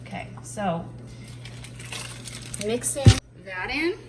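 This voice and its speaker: A woman chatting casually while she cooks at home, self-deprecating and thinking out loud as she works. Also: medium pitch, sing-song, very slow, very noisy. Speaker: homeschooling mom cooking on camera. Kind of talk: casual cooking chat. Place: home kitchen. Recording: distant mic with clattering dishes behind.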